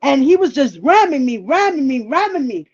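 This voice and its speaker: A woman's voice: high-pitched, very animated, normal speed, muffled recording. A woman telling a personal story in a casual, candid and profane way, often acting out what people said. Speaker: livestream guest.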